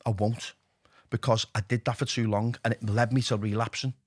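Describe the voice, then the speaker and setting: A man's voice: on the low side, fairly quick, no room sound. Liverpool man, candid podcast guest, blunt and sweary, close dry mic. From Liverpool, England. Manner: blunt, sweary, animated storytelling. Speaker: podcast guest, addiction recovery coach. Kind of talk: candid interview talk.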